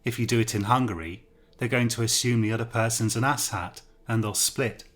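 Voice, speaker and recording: A man's voice: medium pitch, fairly even intonation, brisk, fairly bright tone, lightly acted. A man voicing a confident male businessman giving self-assured opinions.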